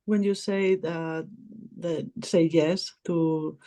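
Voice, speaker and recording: Woman group member, low and mellow, slow, laughs a lot, on a video call. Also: steady tone, rough recording. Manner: laughs often, enthusiastic. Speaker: participant in a live group. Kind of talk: casual group chat.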